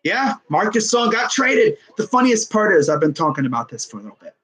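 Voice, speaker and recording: A young man casually commenting on a live sports stream, excitable and rambling. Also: high voice, a little fast, low-quality recording. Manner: excitable, rambling, laughs often.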